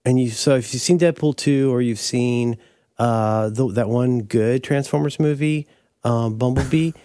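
A man's voice: measured pace, dry recording, clean studio sound. Rambling, self-correcting male podcast host. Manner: rambling, self-correcting, animated pitch jumps. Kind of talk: casual chat.

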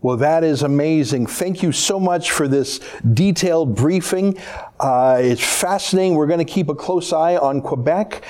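A man's voice: a little high, moderate pace, darkish tone. A man hosting a political talk show, talking in an emphatic, exclamatory way. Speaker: host.

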